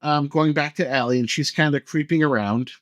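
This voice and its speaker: A man's voice: fairly high pitch, brisk, fairly bright tone, dry recording, lo-fi sound. A man co-hosting a podcast, casually recapping a movie's plot at length with fillers and side jokes. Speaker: podcast co-host.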